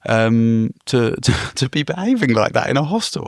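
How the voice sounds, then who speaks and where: Brief: male podcast co-host, gravelly low voice, lively storyteller, dry close sound. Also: normal speed, no echo. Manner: animated storytelling, laughs often. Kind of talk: casual chat.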